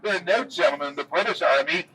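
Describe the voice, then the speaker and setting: A man's voice: fairly high pitch, quick pace, sharp tone, breathy edge, distant mic, voice pushed down, exaggerated voice. A man quoting a defiant teenage boy in a tour story, with a mocking tone. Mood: taunting. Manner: taunting, mocking.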